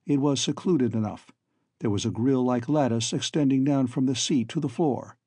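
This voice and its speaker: Husky, dark-voiced male narrator. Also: medium pitch, moderate pace, no room sound. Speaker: audiobook narrator. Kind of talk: first-person scripted narration.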